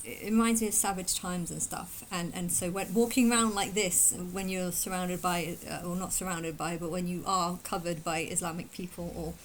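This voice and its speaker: A woman vlogger talking fast in a casual, emphatic and indignant opinion monologue. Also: on the low side, fairly even intonation, a little hiss or hum, rough recording. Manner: fast talker.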